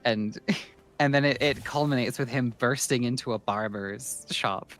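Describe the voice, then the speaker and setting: A man's voice: medium pitch, measured pace, a little hiss or hum. A man with a Scottish-tinged English accent, streaming and chatting casually, telling stories animatedly with restarts and swearing. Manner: animated, laughing storyteller with frequent restarts and swearing. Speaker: streamer host. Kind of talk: casual chat.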